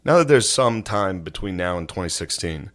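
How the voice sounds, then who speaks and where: Deep-voiced man telling stories casually. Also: expressive, moderate pace. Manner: laid-back storytelling, acts out quotes, laughs often. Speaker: podcast co-host. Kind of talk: casual comedy podcast chat.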